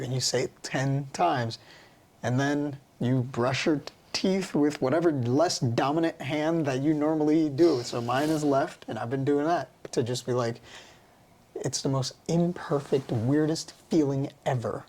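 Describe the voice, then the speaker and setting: A man's voice: mid-range voice, normal speed, a little mellow. Earnest, slangy man musing casually. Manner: earnest, musing, with easy laughs; loose, slangy phrasing. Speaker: podcast guest. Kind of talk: casual reflective conversation.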